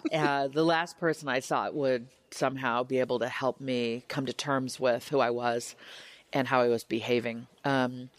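A middle-aged woman author speaking candidly and passionately in an interview, with emphatic, animated retellings. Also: extremely low pitch, dry recording.

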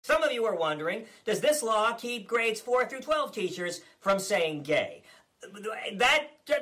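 A woman's voice: medium pitch, close to an everyday voice. A woman doing a comedic impression of a blustering, boastful male politician who rants and stammers. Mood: smug. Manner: ranting, shouting, stammering repeats.

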